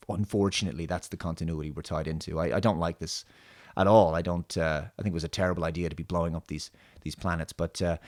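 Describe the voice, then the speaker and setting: A man with a lowish voice hosts his own show and rambles through a casual commentary rant. He is sarcastic and mocking, circling back with restarts and asides. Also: no room sound, clean studio sound. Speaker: host.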